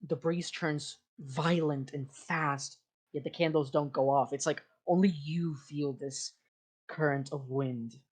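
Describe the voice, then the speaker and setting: A game master narrates a tabletop scene at an unhurried pace. The narration is descriptive and improvised, full of fillers and self-corrections. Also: medium pitch, fairly even intonation, a little mellow. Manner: descriptive, with frequent fillers and restarts.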